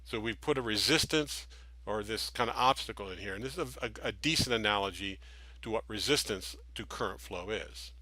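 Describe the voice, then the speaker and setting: A man's voice: fairly low pitch, fairly quick, pushed and bright, no room sound. A man teaching an introductory electrical circuits class, explaining patiently with everyday analogies and frequent restarts. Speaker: instructor. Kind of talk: classroom lecture with slides.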